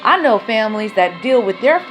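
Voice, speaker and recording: Woman, raw and emotional storyteller, rambles and swears, slightly high voice, soft music underneath. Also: big pitch swings, normal speed. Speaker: mother telling her life story.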